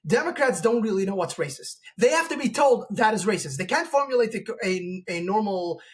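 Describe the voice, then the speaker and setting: A man with a high, animated voice and a slightly fast pace hosts a podcast interview. His long argument is opinionated and rambling, full of restarts and voiced-out quotations.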